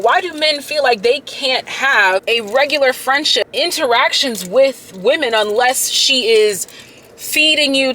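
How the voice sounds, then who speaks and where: Young woman vlogger, unhurried, slangy and profane, handheld camera outdoors with faint background noise. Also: high-pitched, fairly bright tone. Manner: slangy, swears freely, thinks aloud. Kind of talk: casual vlog talk. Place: outdoors at a park.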